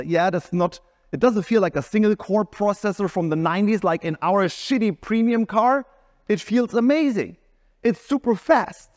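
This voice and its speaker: A man giving an energetic, emphatic keynote speech on a stage. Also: high-pitched, moderate pace, big-room sound. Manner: energetic, emphatic, sometimes shouting. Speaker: keynote speaker.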